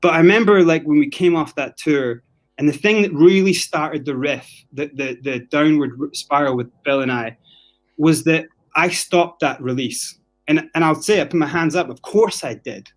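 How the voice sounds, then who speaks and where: A man's voice: on the high side, moderate pace. A man from Scotland telling a story on a casual podcast, swearing freely and acting out the things people said to him. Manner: animated, profane, acts out quotes. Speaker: guest storyteller.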